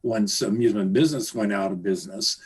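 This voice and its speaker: A man, a guest journalist, reminiscing in a halting way with many fillers. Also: lowish voice, husky. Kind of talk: casual interview chat.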